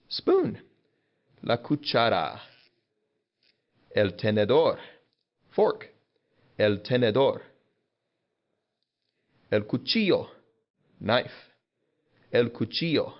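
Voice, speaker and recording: A man at a middle pitch, patiently walking young students through vocabulary in a relaxed teaching voice. He repeats each word and explains it in a casual, friendly way. The recording sounds a little dull and lo-fi. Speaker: Spanish teacher. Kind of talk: classroom vocabulary lesson.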